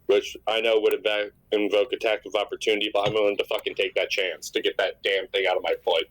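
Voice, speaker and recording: A man's voice: fairly low pitch, level tone, fast, fairly bright tone, rough recording. A man playing a tabletop game in casual chat, blunt and swearing freely. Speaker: player.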